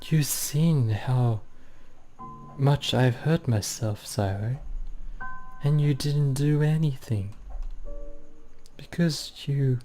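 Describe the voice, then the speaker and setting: A man's voice: medium pitch, mellow, faint music behind. A man voicing cold, taunting girl apparitions. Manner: cold, accusing, drawn-out delivery. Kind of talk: reading a visual novel aloud.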